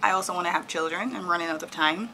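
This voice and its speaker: A woman's voice: lowish voice, fast talker, sharp tone, slight background noise, low-quality recording. A woman in her thirties from Jamaica, chatting candidly and laughing often as she talks through her plans in a casual vlog at home. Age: 30s. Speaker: vlogger. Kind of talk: casual chat while decorating.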